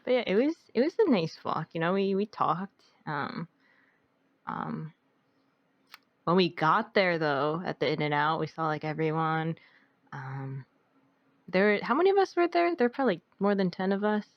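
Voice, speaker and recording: A woman's voice: lowish voice, lively intonation, moderate pace, long pauses, dry recording, lo-fi sound. A young woman co-hosting a podcast, telling a story in a rambling casual way with lots of "like". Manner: rambling storytelling, heavy use of "like". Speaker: podcast co-host. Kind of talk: casual chat.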